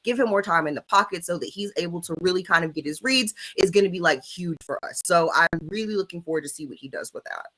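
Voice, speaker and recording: A woman's voice: fairly low pitch, quick pace, few pauses, fairly bright tone, low-quality recording. A woman co-hosting a sports podcast, talking candidly and emphatically with lots of "like" and "right?", cursing now and then. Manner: candid and emphatic, frequent "like" and "right?", swears casually. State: has the hiccups. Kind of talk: casual sports chat.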